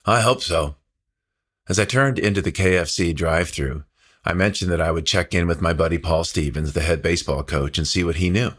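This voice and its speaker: A man's voice: sits low, fairly bright tone, breathy edge. A man narrating his own memoir as an audiobook, in a heartfelt, reflective storytelling manner.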